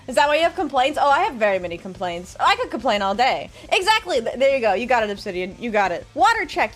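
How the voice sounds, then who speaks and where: A woman's voice: fairly high pitch, very animated, fast, few pauses, faint music behind. A woman streamer chatting casually with her viewers, sarcastic and laughing often. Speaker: VTuber streamer. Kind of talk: casual stream chat reading viewer messages.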